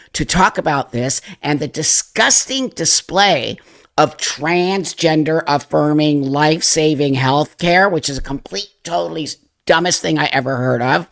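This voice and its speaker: A man's voice: fairly high pitch, animated, moderate pace. A man hosting his channel, giving emphatic, emotional commentary straight to his viewers and repeating his points. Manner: emotional, voice softens and drops. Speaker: channel host. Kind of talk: impassioned commentary to camera.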